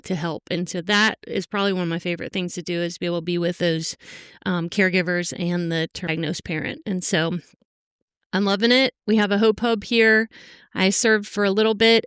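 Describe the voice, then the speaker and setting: Earnest middle-aged woman with a smooth voice. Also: lowish voice, a bit bright, no room sound, studio quality. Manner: heartfelt, halting, full of fillers. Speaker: podcast guest. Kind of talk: emotional personal interview.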